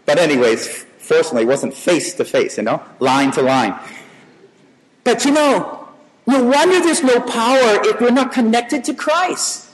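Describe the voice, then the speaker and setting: A man's voice: high voice, expressive, normal speed. A man preaching a sermon in a conversational way, often restarting and repeating words. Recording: reverberant hall.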